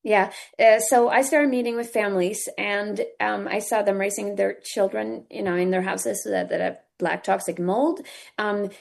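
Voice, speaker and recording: Earnest woman with a gravelly voice. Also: mid-range voice, steady tone. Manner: earnest, halting with fillers. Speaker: nonprofit founder, guest. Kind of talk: interview guest.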